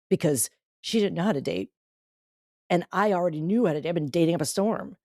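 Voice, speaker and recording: A woman's voice: lowish voice, brisk, vocal fry, no echo, clean studio sound. A middle-aged woman, a guest author and speaker, chatting casually on a podcast and acting out bits of dialogue as she tells stories. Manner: animated storyteller who acts out quoted dialogue.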